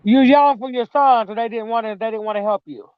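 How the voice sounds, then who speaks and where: A woman's voice: a little high, quick pace, smooth, no room sound, muffled recording. A mother chatting casually about her children, rambling, swearing freely and often tossing in "man". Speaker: mother telling personal stories. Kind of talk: casual storytelling chat.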